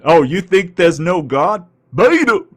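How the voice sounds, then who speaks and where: A man doing a loud, high-pitched mocking impression of an unhinged male preacher who shouts exclamations. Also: big pitch swings, unhurried, heavily acted.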